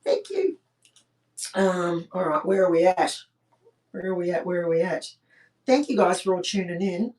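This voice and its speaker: A woman's voice: on the low side, sing-song, moderate pace, long pauses, darkish tone, far from the mic. A woman hosting a comedy livestream from home, chatting cheekily and crudely with viewers between songs. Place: home during lockdown. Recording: echoey room, voice off-mic.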